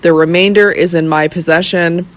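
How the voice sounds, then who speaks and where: A reader voicing a grave young gentleman who accuses slowly, solemnly and without pity. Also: mid-range voice, steady tone, lightly acted. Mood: cold accusing. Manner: slow, solemn, measured. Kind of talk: audiobook character voice.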